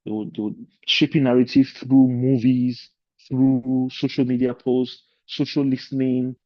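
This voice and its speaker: A man's voice: medium pitch, level tone, unhurried, dry recording. A man giving an informal lecture to a leadership course, talking in loose, discursive asides. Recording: slightly dull, lo-fi recording.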